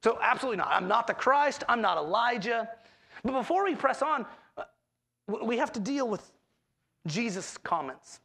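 A man preaching a sermon as pastor, expressive, acting out quoted voices with swings in pitch. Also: normal speed, vocal fry, long pauses.

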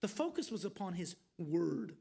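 A man's voice: high voice, very animated, moderate pace, vocal fry, dark tone, slightly rough. A man preaching an expository sermon, earnest and pleading, asking his listeners questions.

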